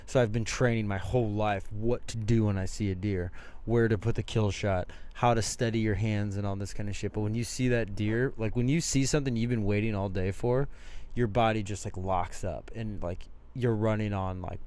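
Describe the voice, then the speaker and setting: A man's voice: on the low side, darkish tone. A young man co-hosting a casual podcast, telling rambling, profane stories. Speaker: podcast co-host. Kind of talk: casual chat.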